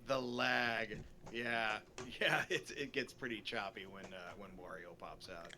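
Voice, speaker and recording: A man chatting casually on a game stream, excitable and talkative. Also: fairly low pitch, unhurried, a little hiss or hum.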